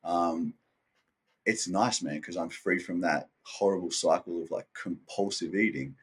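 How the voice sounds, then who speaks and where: A man's voice: deep voice, measured pace, slightly rough. A man talking as a podcast guest in a candid, rambling way, swearing often and restarting his sentences. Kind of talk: candid casual conversation.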